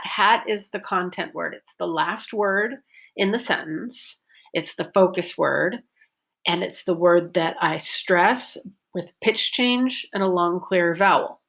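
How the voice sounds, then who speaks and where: A woman's voice: fairly low pitch, slow, gravelly, a bit bright. A woman teaching a recorded pronunciation lesson, modeling sentences with careful, exaggerated stress.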